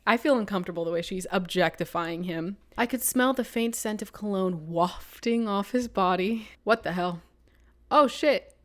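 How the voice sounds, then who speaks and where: Profane young woman narrating a story game. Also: medium pitch. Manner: blunt, profane running reactions. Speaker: streamer playing a story game. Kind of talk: reading a story game aloud with live commentary.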